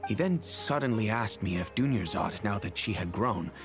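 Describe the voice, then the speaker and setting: A man voicing a wealthy, kindly middle-aged father in game cutscene dialogue, telling the past in a measured, reflective way. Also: on the low side, animated. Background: game music.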